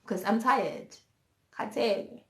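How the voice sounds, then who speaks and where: Her voice is mid-range and she talks slowly. This young vlogger, whose South African accent carries a Zulu inflection, shares a frank and emotional personal story, blending Zulu into her English, in a recording with roomy echo.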